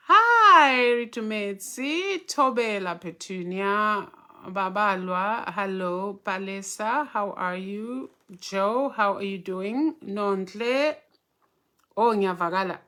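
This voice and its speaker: A woman's voice: mid-range voice, animated, takes it slowly, pushed and bright. A woman casually hosting a livestream, greeting viewers one by one by name and mixing in Zulu and Xhosa. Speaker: spiritual teacher hosting a livestream.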